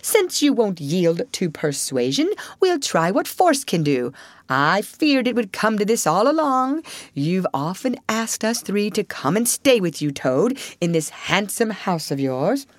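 A woman's voice: medium pitch, big pitch swings, measured pace, no room sound, voice pushed up. A woman reading a storybook aloud and voicing a stern, solemn male badger who speaks firmly. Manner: solemn, firm, scolding.

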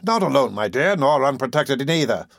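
A man's voice: mid-range voice, brisk, dry recording, clean studio sound, close to an everyday voice. A man doing a trembling, pompous old beadle. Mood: nervous bluster. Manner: tremulous, blustering. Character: cowardly portly older beadle, trembling and pompous.

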